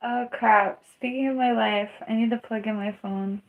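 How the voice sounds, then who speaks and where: A woman's voice: a little high, steady tone, moderate pace, phone-quality sound. A young woman chatting casually on a live stream while in pain and tearful, rambling, laughing through it and groaning. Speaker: livestreamer.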